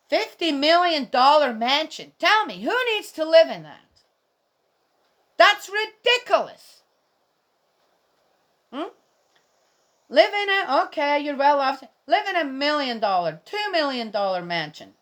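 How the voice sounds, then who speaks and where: A woman's voice: sits high, sing-song, measured pace, pauses often, a bit bright. Indignant rambling woman commenting on scripture. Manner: indignant, rambling, talks to viewers directly. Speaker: bible reading vlogger.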